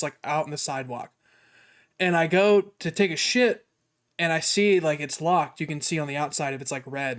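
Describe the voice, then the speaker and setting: A man's voice: on the high side, fairly bright tone, clean tone. A young man, a podcast co-host, telling a crude, swear-filled story in casual chat.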